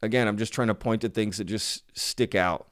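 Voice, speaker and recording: A man's voice: lowish voice, fairly even intonation, normal speed. A man hosting his own channel, talking casually to viewers in an emphatic, skeptical way and often repeating himself. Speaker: channel host.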